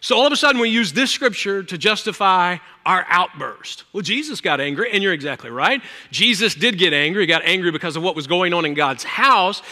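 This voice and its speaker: A male pastor preaching a sermon, swinging between loud, emphatic lines and hushed ones. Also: sits high, lively intonation, a little fast, few pauses. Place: church sanctuary. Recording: reverberant church hall.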